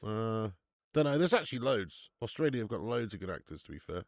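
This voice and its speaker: A man's voice: fairly low pitch, sing-song, brisk, no echo, studio quality. A man hosting a live football watch-along, chatting casually, bantering and reading out viewers' comments. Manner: jokey, banter-filled, reads out chat comments.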